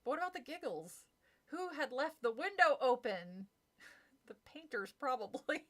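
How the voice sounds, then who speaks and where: A woman's voice: high voice, sing-song, moderate pace, a bit bright. A woman streaming a casual read-aloud of a kids' horror book, chatty and giggly with frequent asides. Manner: giggly, chatty, breaks off to comment and laugh.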